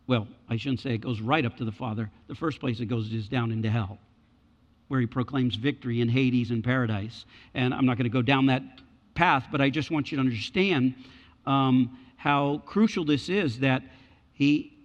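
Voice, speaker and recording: A man preaching a sermon as pastor, building in fervor and speaking straight to his congregation. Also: a little high. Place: church sanctuary. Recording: dull echoing church hall.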